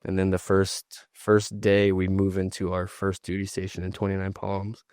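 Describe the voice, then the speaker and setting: A young man in his twenties shares memories with his wife on a faith podcast. He talks in an easygoing way and laughs between his stories. His voice is fairly low and sounds close and dry. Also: completely flat delivery, normal speed, a little mellow, smooth, no room sound. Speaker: podcast co-host. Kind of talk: casual faith conversation.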